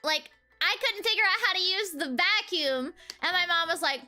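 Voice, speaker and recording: A woman's voice: very high-pitched, expressive, moderate pace, pushed and bright, faint music behind. A young woman, streaming and chatting casually, giggling often between phrases. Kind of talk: casual livestream chat.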